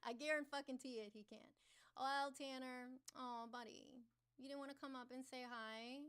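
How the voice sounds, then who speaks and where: A woman's voice: sits high, fairly even intonation, measured pace, a bit bright, clean tone. A woman hosting a casual livestream, chatting and teasing her viewers, answering chat aloud and swearing casually. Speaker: livestream host.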